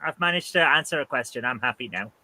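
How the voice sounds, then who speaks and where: A man playing as a quiz contestant, answering questions and making jokey, deadpan quips in casual banter. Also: medium pitch, quick pace.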